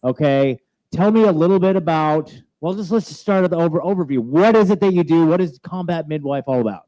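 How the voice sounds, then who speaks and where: A man hosting an onstage festival chat, joking and energetic, a bit scattered, on a handheld mic. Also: a little high, fairly quick, no echo, low-quality recording. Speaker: host interviewing festival presenters. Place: festival stage. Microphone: handheld microphone.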